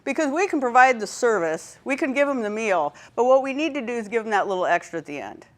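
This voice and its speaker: A woman's voice: a little high, lively intonation, quick pace. Lady running a service training workshop, tells stories, keeps asking right?. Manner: storytelling, checks in with the audience. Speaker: workshop presenter.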